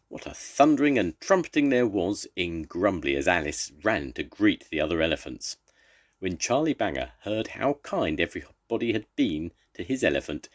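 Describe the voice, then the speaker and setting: An older man, a grandfather, reading a children's story aloud in a gentle, expressive way. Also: sits low.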